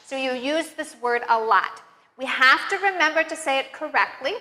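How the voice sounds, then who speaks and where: A woman teaching English pronunciation, leading slow, careful drills with encouraging praise. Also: high voice, animated, bright, forceful tone. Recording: long reverb, room echo.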